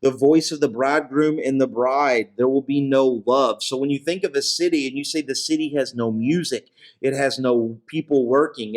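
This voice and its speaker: Casual Bible-teaching man, lots of "right?". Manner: conversational, frequent fillers and "right?" checks; drops low and soft on solemn phrases.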